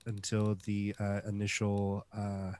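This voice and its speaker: A man's voice: on the low side, monotone, slow, a little mellow, smooth. A nervous, pompous young medical examiner student, as a man plays him in a tabletop game. He hedges and stumbles through every sentence. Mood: flustered. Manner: flustered, hedging.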